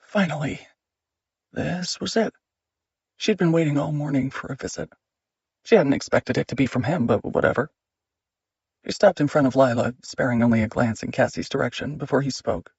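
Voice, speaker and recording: A man narrating an audiobook in a measured, steady reading. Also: medium pitch, breathy edge, dry recording, muffled recording.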